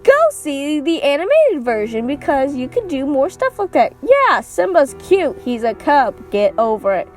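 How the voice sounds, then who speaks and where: A woman's voice: high-pitched, sing-song, unhurried, hardly any pauses, a little mellow, soft background music. A woman vlogger ranting through a casual movie review, sarcastic and swearing, acting out what characters say. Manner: sarcastic, swears, acts out quotes.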